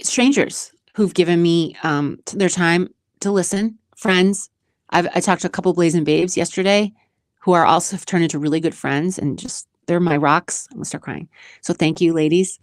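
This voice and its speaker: A woman's voice: lowish voice, fairly even intonation, normal speed, no echo, clean studio sound. A woman from Massachusetts hosting a casual vlog, answering questions in a chatty, emotional way, laughing often and restarting her sentences. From Massachusetts, USA. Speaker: show host and community founder.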